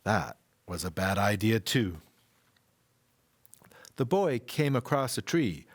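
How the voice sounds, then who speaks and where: A man leading an online worship service, reading a children's story aloud as an expressive storyteller. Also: lowish voice, slightly rough. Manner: expressive storyteller, slow and deliberate. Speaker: worship leader.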